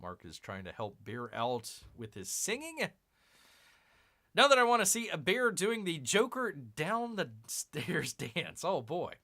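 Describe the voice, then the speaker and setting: A man's voice: on the high side, wildly swooping pitch, a little slow, pushed and bright. A man hosting a casual live stream, rambling and self-mocking as he unboxes comics and reads chat, calling himself Bear.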